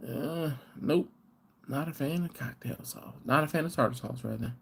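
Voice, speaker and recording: A man's voice: on the high side, normal speed, creaky, breathy edge. American man rambling through a live-stream story. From United States. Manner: rambling storyteller, reads out viewer comments. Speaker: host of a live barbecue channel. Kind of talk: casual live-stream chat.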